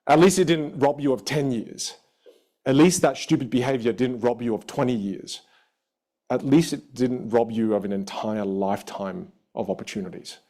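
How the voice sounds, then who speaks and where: A man teaching a live online communication workshop, lively and dramatic, acting out the voices of the people in his stories. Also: fairly quick. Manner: animated, acts out quoted voices with big pitch jumps. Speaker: communication coach.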